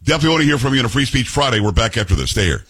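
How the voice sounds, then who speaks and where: Husky animated talk radio host, a man. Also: medium pitch, racing, rough recording. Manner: animated, opinionated, jokey. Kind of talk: casual talk radio chat.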